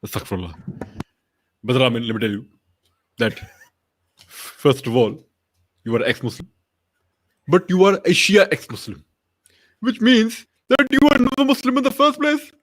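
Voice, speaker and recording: A pompous male preacher lectures in a low, mock-solemn drone, as a man puts him on for laughs. The delivery is preachy and sweeps widely in pitch, dipping deep then jumping up for emphasis. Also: lively intonation, normal speed, pauses often, a bit bright. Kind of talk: comic impression.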